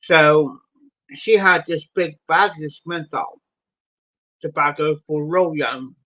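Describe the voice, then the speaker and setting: A middle-aged man telling a rambling, folksy story on a live stream, with pauses and restarts. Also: fairly high pitch, sharp tone, rough recording. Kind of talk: casual spoken storytelling.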